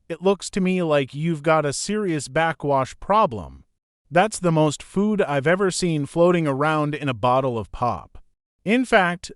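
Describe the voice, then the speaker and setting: A man's voice: on the high side, no room sound, clean studio sound. A man voicing a kindly older man, a joking grandfather who teases easily. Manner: joking, easygoing teasing. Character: teasing older man, kind grandfather driver.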